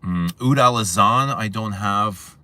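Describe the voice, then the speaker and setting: A low-voiced man hosts a casual livestream and chats to viewers in a relaxed way. His deep tone has a bright, forceful edge. He tells stories with lively retellings. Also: slow. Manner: chatty, storytelling, animated retelling. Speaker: livestream host.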